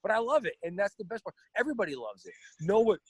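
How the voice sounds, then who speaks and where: A man with a slightly high voice runs a loose, casual podcast chat. He tells rambling stories packed with swearing. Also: sing-song, fast, breathy edge, no echo. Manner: profane, rambling storyteller. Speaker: podcast co-host.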